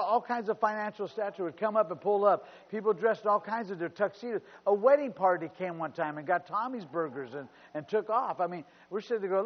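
An older man preaching as a pastor, telling personal stories with fervent, rising exclamations. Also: fairly high pitch. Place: church sanctuary. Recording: muffled church recording with long reverb.

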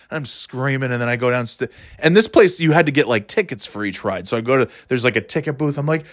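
A man's voice: expressive, fast, hardly any pauses, no room sound. Middle-aged guy rambling and cussing, voice bouncing all over, real dry close sound. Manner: rambling and profane, with frequent fillers; shouts in a high voice when reenacting his outbursts. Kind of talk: casual comedic storytelling.

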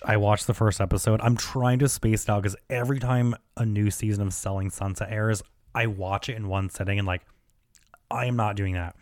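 A man's voice: fairly low pitch, a little mellow, dry recording, clean studio sound. A young man hosting a solo podcast, telling stories in a chatty, profane way full of fillers and restarts. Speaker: podcast host. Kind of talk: casual solo podcast chat.

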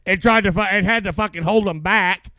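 A man chatting on a podcast in a rambling, profane and emotional way. His voice sits a little high and sounds smooth and clear. The sound is dry and close. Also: fairly quick, sharp tone, dry recording. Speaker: podcast co-host. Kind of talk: casual chat. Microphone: headset.

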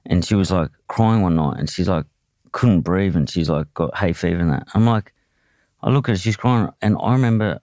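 A man's voice: on the low side, brisk, a little mellow, dry recording, clean studio sound. An Australian man telling his own story in a candid, blunt way, swearing often and restarting his sentences. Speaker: podcast guest, boxer.

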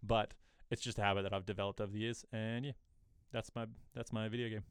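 Animated male podcast co-host. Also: quick pace, slight background noise. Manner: animated storyteller, bursts into high-pitched quoted voices. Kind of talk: casual chat.

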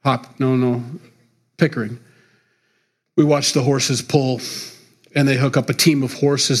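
A man's voice: on the high side, husky. A middle-aged man preaching a sermon as pastor, talking in a loose, conversational way and chuckling between points.

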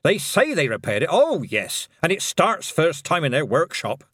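A man reading as a stern old witch who talks slowly and dryly, clipping every phrase short, her pitch roaming up and down. The storybook voice sits close and dry, with no room sound around it. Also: wildly swooping pitch, fairly bright tone, slightly rough, no room sound, heavily acted. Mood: grumbling. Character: stern older witch, curt and commanding.

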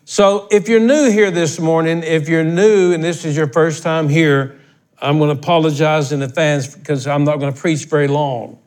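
A man's voice: fairly high pitch, fairly even intonation, normal speed, darkish tone. An older man preaching a sermon as pastor, talking in a folksy, blunt way that swells into emphatic outbursts.

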